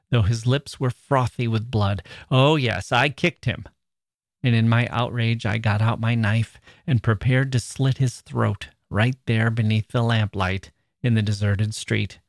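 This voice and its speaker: A man reading a novel aloud in the first person, measured and expressive. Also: medium pitch, no echo, studio quality. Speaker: reader.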